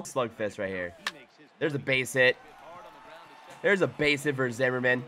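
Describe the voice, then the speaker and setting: A young man giving live gameplay commentary, muttering to himself one moment and shouting in excitement the next. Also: medium pitch, measured pace, pauses often. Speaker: gaming YouTuber.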